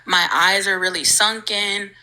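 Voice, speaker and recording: Young woman, very bright sharp tone, casual ghost story, chatty, lots of "like", acts out quotes. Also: mid-range voice, fairly even intonation, measured pace, low-quality recording. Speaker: livestream storyteller.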